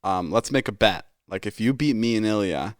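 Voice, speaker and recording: Smooth-voiced young man telling a story. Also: on the low side, normal speed, no echo, clean studio sound. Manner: animated and profane, acts out friends' lines. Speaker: podcast host. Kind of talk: casual storytelling.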